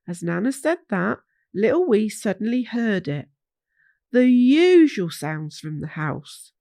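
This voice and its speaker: A woman reading a children's bedtime story aloud, slow and soothing. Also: mid-range voice, sing-song, vocal fry, dark tone, no echo.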